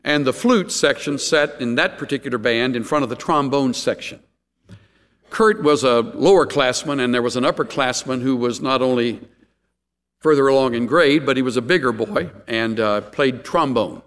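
A man's voice: mid-range voice, normal speed. A man preaching a sermon as a pastor, telling stories with laughs and acting out lines. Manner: animated storytelling with laughs and acted-out lines. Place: church sanctuary. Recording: echoey hall.

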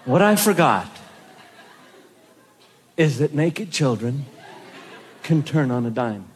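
A man's voice: a little high, very animated, slow, a faint crowd. A male stand-up comedian telling a story, acting out scenes in a mock-stern parent voice.

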